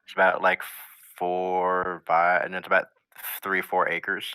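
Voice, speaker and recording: A young man runs a tabletop game with a low, bright voice. He describes scenes in halting bursts, recorded dry and close. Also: monotone, clean tone, no room sound. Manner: halting, restarts often while describing scenes. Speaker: game master.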